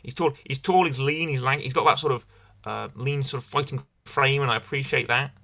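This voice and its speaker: A man's voice: mid-range voice, steady tone, fairly quick, gravelly, pushed and bright. A man hosting a casual wrestling review podcast, rambling and enthusiastic, often repeating himself. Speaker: podcast host.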